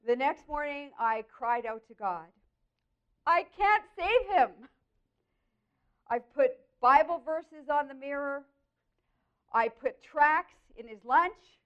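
A woman sharing her personal Christian testimony, telling the story in an earnest, expressive way with lively swings in her voice. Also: sits high, slow pace. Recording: dull, lo-fi audio.

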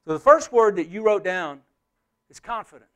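A man preaching a sermon as a pastor and missionary, earnest, swinging from loud emphasis to hushed, near-whispered passages. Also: sits high, expressive, normal speed, smooth.

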